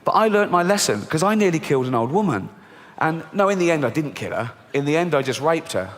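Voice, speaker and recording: A man in his fifties with an English accent, performing a stand-up set in a dry, deadpan and crude manner. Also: fairly high pitch, quick pace, a little hiss or hum. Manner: deadpan, dark and crude, acts out characters. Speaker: stand-up comedian. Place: theatre stage. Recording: reverberant hall, faint ambience.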